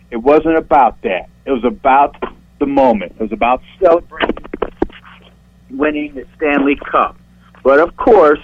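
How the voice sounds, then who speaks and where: Caller from St. Louis, male, higher voice, foul-mouthed and fired up, goes shrill when riled; dull phone audio. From St. Louis, USA. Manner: profane, voice jumps shrill when worked up. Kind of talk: angry call-in rant. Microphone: phone line.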